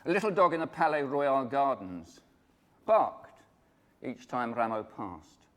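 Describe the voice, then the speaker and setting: A man's voice: mid-range voice, very animated, unhurried, fairly bright tone. A man giving a live pre-concert talk, chatting and joking with the audience in between singing his poems. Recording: long hall reverb with music.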